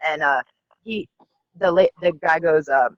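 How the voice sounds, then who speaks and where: A woman telling a rambling personal story as a talk show guest, halting often with fillers and restarts. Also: deep voice, no room sound. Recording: dull, dry lo-fi audio.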